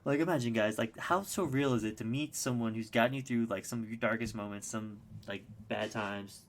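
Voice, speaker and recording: A young man telling a story as a podcast guest, excitable and casual, swearing freely with lots of fillers and restarts. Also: medium pitch, fairly quick, a little hiss or hum.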